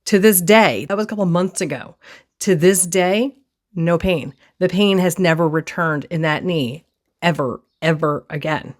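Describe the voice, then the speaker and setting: Woman vlogger, lowish voice, expressive, acts out her own reactions, personal storytelling at a desk. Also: measured pace.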